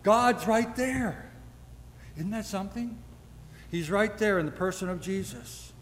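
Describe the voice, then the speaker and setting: An older man delivers a sermon in a high, light voice. He preaches in a folksy way and leans on rhetorical questions. His voice rings out with the long reverb of a church hall. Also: a little slow, slight background noise. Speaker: pastor.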